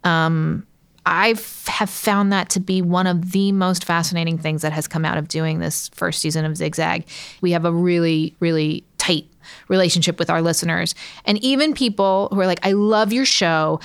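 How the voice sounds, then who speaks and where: A young woman co-hosts a podcast, talking candidly and animatedly, slipping into quoted voices. Her voice is smooth and clear. It sits in a dry, close recording with no room sound. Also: on the low side, steady tone, moderate pace, no echo. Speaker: podcast co-host. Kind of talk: casual podcast chat.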